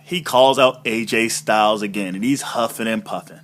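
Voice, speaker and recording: This man hosts a casual wrestling review podcast, rambling along with lots of fillers and swearing. His voice sits on the low side with a fairly bright tone, and he talks at a moderate pace.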